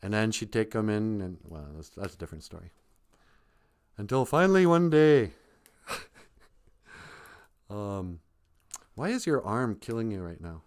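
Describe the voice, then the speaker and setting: This live-stream host spins a comic folk tale loosely, joking as he goes. He speaks a little slowly with long pauses, and his voice is on the low side and expressive.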